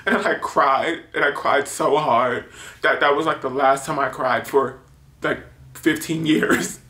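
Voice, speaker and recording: Young YouTuber man, twenties, rambling confessional vlog talk, slightly high, bright tone, roomy echo. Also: steady tone, a little slow. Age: 20s. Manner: rambling, heavy use of filler "like", nervous laughs.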